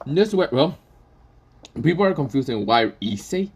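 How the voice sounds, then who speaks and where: A young man improvising a fan story aloud in a rambling, casual way, swearing freely and filling pauses with repeated stock phrases. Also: on the high side, very animated, slightly rough.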